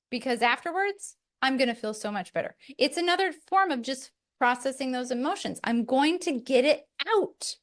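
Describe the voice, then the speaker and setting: A woman's voice: high voice, expressive, moderate pace, gravelly, a bit bright. A middle-aged woman hosting a podcast, talking candidly and reflectively in casual chat, with light laughs now and then. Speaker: podcast host.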